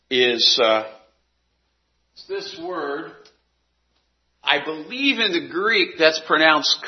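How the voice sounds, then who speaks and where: A man preaching a sermon in a slow, earnest way, his voice sinking soft on key words. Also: a little high, lo-fi sound.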